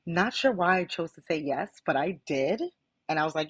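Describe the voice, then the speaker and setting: A woman's voice: on the low side, lively intonation, moderate pace, fairly bright tone, slightly rough, no room sound, low-quality recording. A woman telling a personal ghost story in a casual, matter-of-fact and wry way.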